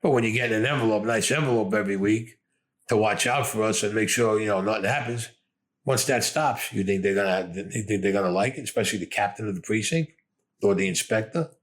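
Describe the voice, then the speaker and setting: Older brooklyn guy, low voice, blunt and profane, interview storyteller. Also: fairly quick. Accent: Brooklyn New York. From Brooklyn, New York. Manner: blunt, gruff, swears often. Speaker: interviewee recounting his past.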